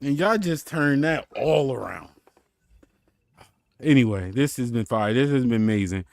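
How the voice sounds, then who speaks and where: Laughing man in his thirties, lively voice. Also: mid-range voice, measured pace, creaky, no echo. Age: 30s. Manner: laughing, playful, loud bursts. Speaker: podcast host. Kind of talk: casual chat.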